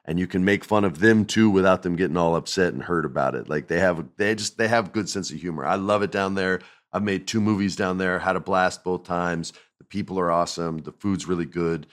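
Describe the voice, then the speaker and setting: Deep-voiced man hosting a podcast. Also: a little fast. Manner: animated, joking storyteller. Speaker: podcast host. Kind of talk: casual podcast chat.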